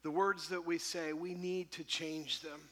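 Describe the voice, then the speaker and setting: A man pastor telling a self-deprecating story in an animated sermon to a live congregation. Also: fairly high pitch, a little slow. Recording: hall reverb.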